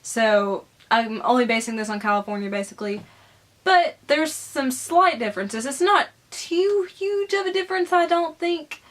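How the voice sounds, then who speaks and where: A woman's voice: high voice, expressive, moderate pace, a bit bright. A young Southern American woman with a Southern accent, chatting casually as she answers viewer questions in her vlog. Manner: chatty, rambling, giggly.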